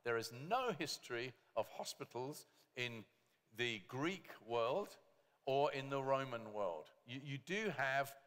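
A man preaching a sermon as pastor, lively, with joking asides to the congregation. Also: medium pitch, slow, big-room sound. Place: church hall.

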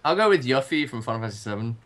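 A man's voice: mid-range voice, very animated, rapid-fire, fairly bright tone. A young man co-hosting an online gaming chat, bantering and teasing the others. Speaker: co-host. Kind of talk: casual chat.

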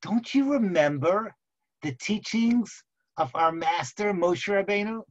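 A man voicing a kindly old leader who greets a couple warmly and gently teases them. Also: sits high, slow, highs cut off. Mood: knowing.

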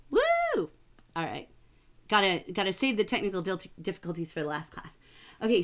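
Encouraging teacher with a slightly low voice. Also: female voice. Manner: warm, encouraging, enthusiastic. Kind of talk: livestreamed writing class.

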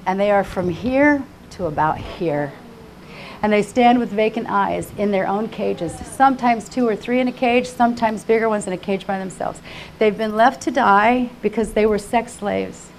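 An older woman preaching an emotional personal testimony sermon, fervent and repetitive, swinging from hushed tones to crying out. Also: mid-range voice, moderate pace, a little hiss or hum. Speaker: conference speaker.

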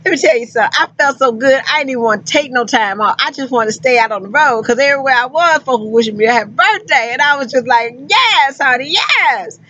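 A woman's voice: a little high, fast, few pauses, a bit bright, highs cut off. A woman truck driver and recruiter talking casually to her viewers, effusive and folksy, calling them honey and child. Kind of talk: casual vlog talk to viewers.

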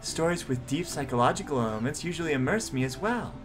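A man voicing a shy, bookish teenage girl, reading her lines softly and hesitantly. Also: a little high, expressive, quick pace, over music, natural voice. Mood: earnest.

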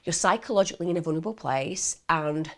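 A chatty woman narrating a true crime story with a lower-pitched voice. Her delivery is animated, with a wide and lively pitch range, and she speaks straight to her viewers. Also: fast talker.

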